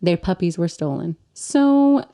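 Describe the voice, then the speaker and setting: A woman's voice: medium pitch, a little slow, darkish tone. Woman podcast co-host, mid-range voice, enthusiastic and jokey. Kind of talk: casual chat recapping a film.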